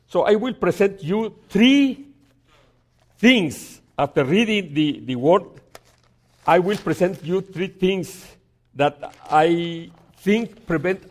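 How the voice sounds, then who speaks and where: A man preaching a sermon, telling a story and reading scripture aloud, with halting repeats and dramatic pauses. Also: on the high side. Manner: reads scripture aloud slowly.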